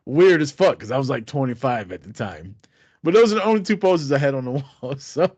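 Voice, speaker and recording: A man in his thirties co-hosts a podcast, casually telling a story while laughing a lot and swearing freely in an animated way. His voice is fairly high in pitch. There's no echo.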